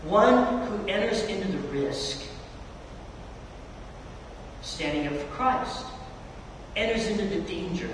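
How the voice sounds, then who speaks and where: Middle-aged male preacher, very high voice, storytelling sermon that swells and falls, heard from far off in a church hall. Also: expressive, slow pace, long pauses, a little hiss or hum. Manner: storytelling preacher, voice surging high and loud on quotes then dropping soft. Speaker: youth pastor.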